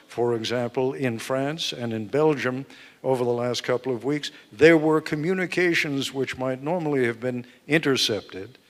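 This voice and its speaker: A man, an author being interviewed at a live book event, explaining points in a measured, emphatic way. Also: medium pitch. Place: event hall with live audience. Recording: long hall reverb.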